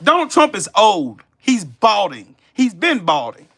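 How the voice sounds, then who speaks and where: Profane, animated male livestream ranter. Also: high-pitched, unhurried. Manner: profane, heated, mocking, addresses chat viewers by name. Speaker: political commentary livestream host. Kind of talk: casual livestream rant.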